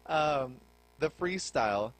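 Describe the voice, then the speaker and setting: A man's voice: on the high side, expressive, takes it slowly. Teasing, laid-back male radio host. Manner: playful teasing, laid-back with many fillers. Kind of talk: casual talk radio hosting.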